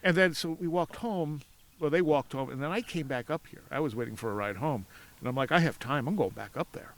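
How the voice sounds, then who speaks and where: A man telling a story as a podcast guest outdoors at a cemetery, animated, acting out voices in his anecdotes and laughing often. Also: a little high, a little fast. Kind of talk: casual storytelling.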